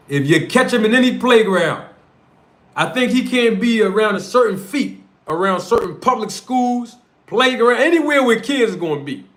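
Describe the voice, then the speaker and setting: A streamer and show host with a North Philadelphia accent rants on his livestream, confrontational and heavy on street slang. He speaks at a moderate pace in an expressive male voice that sits high and sounds fairly bright.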